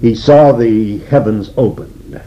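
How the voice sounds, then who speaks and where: Older male Bible teacher, husky and unhurried, deliberate sermon delivery on a dull lo-fi recording. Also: fairly low pitch. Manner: slow and deliberate, with frequent "uh" pauses. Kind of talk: expository sermon.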